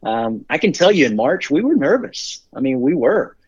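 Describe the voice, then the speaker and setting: This middle-aged CEO, a guest in a casual interview, tells upbeat, rambling stories with many fillers and restarts. His voice is fairly high, very animated, husky and darkish, at normal speed, recorded with dull lo-fi sound.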